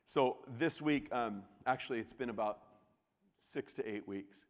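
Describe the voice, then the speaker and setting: A man preaching a sermon as pastor, talking casually with the congregation and swinging from loud bursts to hushed, near-whispered lines. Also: mid-range voice, moderate pace. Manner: conversational, with restarts and asides to the congregation. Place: church sanctuary. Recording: long reverb of a large church hall.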